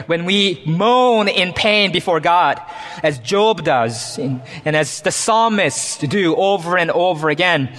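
A man's voice: high-pitched, bright, forceful tone, long reverb tail. A man preaching a sermon as pastor, earnest, reading scripture with rising emphasis. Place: church.

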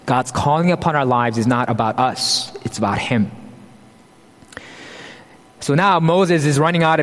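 A male pastor preaching a sermon, earnest and emphatic, laughing now and then. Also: a little high. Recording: long hall reverb.

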